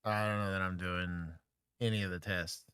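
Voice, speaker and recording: A man's voice: deep voice, fairly even intonation, moderate pace, background noise. A man from Texas co-hosting a livestream, reacting to police bodycam footage with joking, wry commentary. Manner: joking, wry, laid-back banter.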